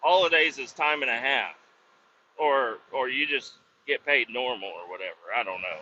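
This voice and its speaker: In a muffled recording with a noisy background, a man of mid-range pitch speaks at a moderate pace. He hosts a podcast and works in industrial cleaning, and he rambles through a profanity-laden story about his job, often stopping to doubt himself.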